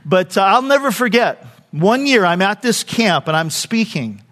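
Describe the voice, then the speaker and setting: Older preacher with a high voice. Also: male voice, sing-song, normal speed. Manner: storytelling, swings from loud preaching to soft near-whispers. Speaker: pastor. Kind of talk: sermon.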